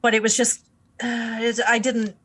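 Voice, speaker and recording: A woman with a slightly high voice co-hosts a casual album review podcast. She talks hesitantly, restarts her sentences and giggles easily as she gives her opinions. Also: little pitch movement, measured pace, a bit bright. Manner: hesitant, giggly, self-correcting. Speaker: podcast co-host.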